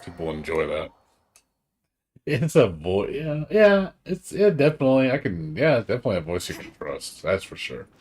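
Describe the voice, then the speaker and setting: Worn out from staying up all night, a man rambles excitably on a live game stream, chatting casually and swearing often. His voice is on the low side and slightly rough, at normal speed.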